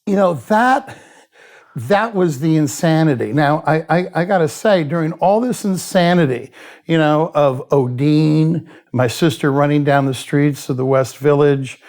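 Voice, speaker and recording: Gravelly, blunt older man telling stories. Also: on the high side, unhurried. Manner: blunt, profane, animated storyteller who laughs at himself. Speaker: addiction expert guest. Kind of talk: candid interview storytelling.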